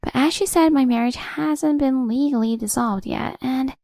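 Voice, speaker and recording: A defensive young mistress, voiced by a woman reading the story, pitched high as she whines out excuses. There is a gravelly edge to the voice, and the recording is dry and close. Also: normal speed, darkish tone, no echo. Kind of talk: audiobook narration.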